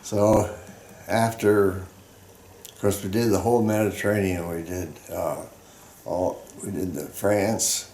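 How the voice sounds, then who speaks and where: A man in his eighties from Colorado, a veteran telling his life story in a halting, rambling way with many fillers. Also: low-pitched, steady tone, a little mellow, slight background noise. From Colorado, United States. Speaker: veteran interviewee. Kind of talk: oral history storytelling. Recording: roomy echoey room.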